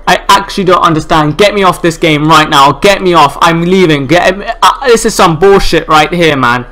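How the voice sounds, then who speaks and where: A young man commentating his own gameplay, exasperated, swearing, and breaking into shouts and laughs at his losses. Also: a little high, lively intonation, normal speed, faint music behind.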